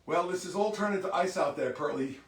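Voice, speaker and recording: Man, livestream host, chatty, greets viewers, slightly high voice, roomy and distant sound. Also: fairly quick. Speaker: musician hosting a livestream.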